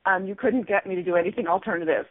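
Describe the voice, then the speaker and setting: A woman's voice: fairly low pitch, rapid-fire. A woman calling into a radio show as a guest, talking chattily about her own experience. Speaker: caller, guest author. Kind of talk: casual phone interview. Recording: tinny phone line.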